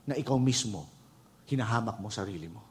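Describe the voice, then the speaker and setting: A male pastor with a Filipino accent preaching an animated sermon, switching between Tagalog and English. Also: lowish voice, fast, slightly rough.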